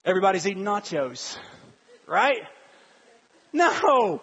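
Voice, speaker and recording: A middle-aged man gives an animated, storytelling sermon, breaking into excited shouts. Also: extremely high pitch, a little fast, husky, dull audio. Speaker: pastor.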